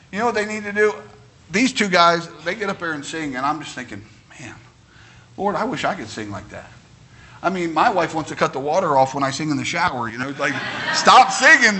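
A man's voice: high-pitched, bright, forceful tone, slight background noise. A middle-aged male pastor preaching a sermon, telling homey stories that build into fervent preaching.

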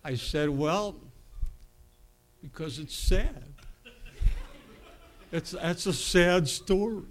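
A man's voice: a little high, extremely slow. A middle-aged man preaching, telling a rambling, folksy anecdote with self-amused laughs. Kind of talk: storytelling sermon.

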